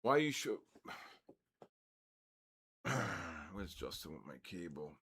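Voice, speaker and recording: An older man talks through a live trading session in a lowish voice. He is casual and excitable, exclaiming and muttering as the markets move. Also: slow, husky. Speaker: trading livestream host.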